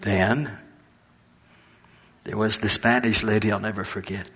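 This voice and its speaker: An older man preaching, telling animated folksy stories and laughing through them. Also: fairly low pitch, a little slow, a little hiss or hum. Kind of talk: storytelling sermon.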